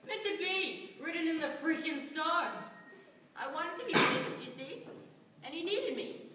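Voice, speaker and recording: A vain, sassy ventriloquist's puppet pours out its woes, played by a teenage girl on stage. The voice is high and bright, with sarcastic, melodramatic storytelling. It rings through a long-reverb school hall, picked up from far off. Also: slight background noise. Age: teens. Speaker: student performer. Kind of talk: stage monologue performance. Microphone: distant room mic.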